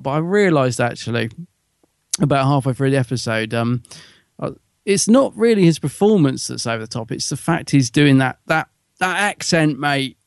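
A man's voice: medium pitch, gravelly, no room sound, studio quality. A man co-hosting a podcast, chatting casually in a wry, joking way. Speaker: podcast co-host. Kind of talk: casual review chat.

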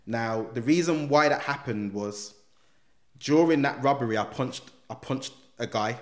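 A man's voice: mid-range voice, measured pace. A young man telling a story in casual chat. He acts out the other people's voices and uses slang. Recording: echoey room.

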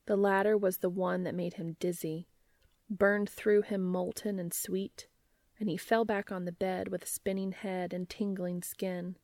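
A woman narrating a romance audiobook in a soft, unhurried reading voice. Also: mid-range voice, flat delivery, no echo, clean studio sound.

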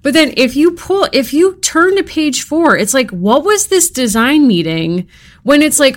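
Woman podcast co-host, slightly high voice, wry and theatrical, casual book-club banter. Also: sing-song, moderate pace. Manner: wry, dramatic, exasperated humor. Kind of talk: casual podcast chat, reading a book aloud.

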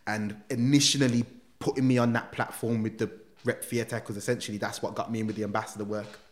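A man, a podcast guest telling his life story in animated street slang. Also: fairly low pitch, a little fast. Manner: animated, slangy, acts out voices. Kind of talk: emotional personal storytelling.

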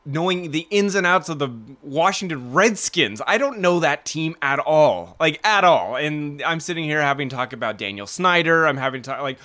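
A man's voice: fairly high pitch, lively intonation, moderate pace, hardly any pauses, bright, forceful tone. A man co-hosting a podcast, chatting casually with restarts and frequent laughter. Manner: laughing, self-deprecating, rambling with restarts. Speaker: podcast co-host.

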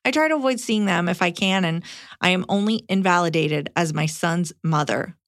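A woman's voice: fairly low pitch, normal speed. Emphatic, opinionated woman co-host. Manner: emphatic, opinionated, jumps into side remarks. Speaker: podcast co-host. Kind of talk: reading a letter aloud, then casual chat.

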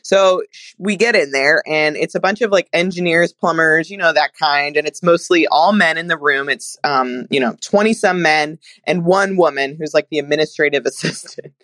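Lady telling a funny work story, lively and chatty, dry close sound. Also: low voice, moderate pace, no echo. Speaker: director of talent. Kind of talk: casual anecdote.

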